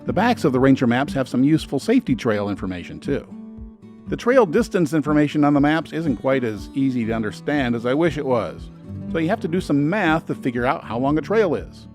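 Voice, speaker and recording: A man's voice: medium pitch, sing-song, fairly quick, over music. A man narrating a scripted travel guide in an earnest, advisory voice-over. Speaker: travel video host.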